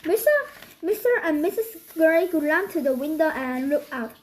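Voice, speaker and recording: High-voiced woman reading a children's book. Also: lively intonation, poor audio. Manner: halting reading with frequent restarts. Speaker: storybook reader.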